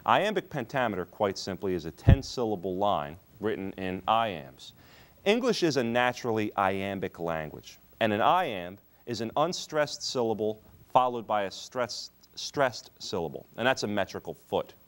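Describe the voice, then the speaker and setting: Lively low-voiced male teacher. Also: normal speed. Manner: explanatory, stresses key terms with lively rises in pitch. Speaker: English teacher. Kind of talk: classroom lecture on poetry.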